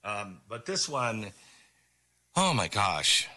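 A man's voice: on the low side, big pitch swings, slow, bright, forceful tone, no echo. A middle-aged man hosting a talk radio show, speaking in a conversational, rambling way with sarcastic asides. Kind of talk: talk radio monologue with live ad read.

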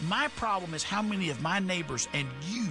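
A man's voice: high voice, lively intonation, a little fast, music in the background. A man hosting a talk radio show, delivering an impassioned, sarcastic monologue full of rhetorical questions.

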